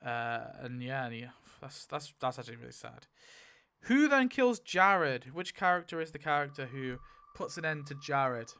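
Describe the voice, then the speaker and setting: A man in casual, rambling commentary while spinning a wheel to rewrite a story, getting excited at results and briefly quoting characters. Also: mid-range voice, moderate pace, smooth. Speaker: YouTuber.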